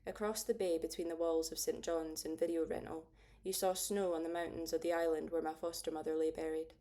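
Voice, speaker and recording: A woman narrating a first-person audiobook in a steady, understated way. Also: deep voice, a little fast.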